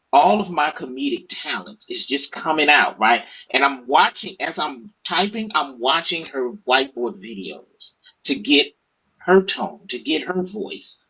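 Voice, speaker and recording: A man talks casually and profanely as a podcast guest, acting out the voices of people in his stories. His voice is husky and moves all over the place in pitch. The recording sounds dull and lo-fi. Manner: animated, profane, acts out quoted speech. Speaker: author guest. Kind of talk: casual storytelling interview.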